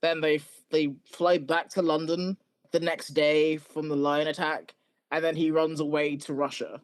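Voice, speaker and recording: A man co-hosting a podcast in casual chat, giving quick, wry plot recaps. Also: a little high, flat delivery, clean tone, dry recording. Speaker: podcast co-host.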